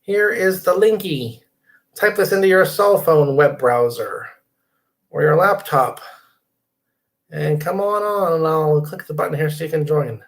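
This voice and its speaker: A man's voice: on the high side, unhurried. A middle-aged man hosting a casual live stream from his computer desk, rambling, reading viewer comments aloud and inviting people to join.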